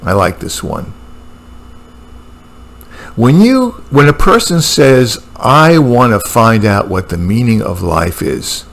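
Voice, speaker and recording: A man's voice: medium pitch, sing-song, takes it slowly, gravelly. A man talking alone in a room at home, musing about philosophy in a casual monologue, with many fillers and restarts. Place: room at home with a computer and a painting.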